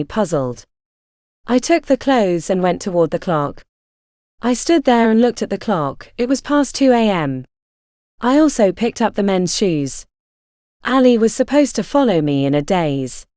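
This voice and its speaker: A woman's voice: a little high, darkish tone, dry recording, studio quality. A woman narrating a first-person story in an intimate, confessional way.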